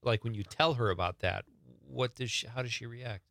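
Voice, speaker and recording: A man's voice: medium pitch, normal speed, creaky, fairly bright tone, dry recording. A man hosting a live radio show in a studio, chatting casually and upbeat, asking his guest lots of questions.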